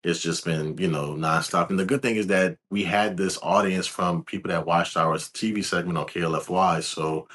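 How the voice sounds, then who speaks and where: A laid-back young man from Louisiana, answering interview questions as a guest in a calm, soft-spoken way. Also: sits low, moderate pace, hardly any pauses. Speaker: guest, videographer.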